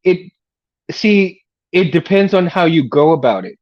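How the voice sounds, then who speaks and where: A man's voice: on the high side, expressive, unhurried, lo-fi sound. A middle-aged man hosting a casual livestream, rambling in a laid-back way, laughing often and calling people "man" and "dude". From Texas. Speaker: livestream host.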